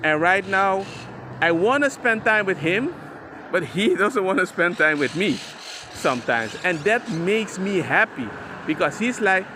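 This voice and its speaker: A man's voice: sits high, animated, unhurried, sharp tone, slight background noise. A father talking casually to the camera about raising his son, chatty and emphatic, and he calls the viewer bro. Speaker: father sharing parenting advice.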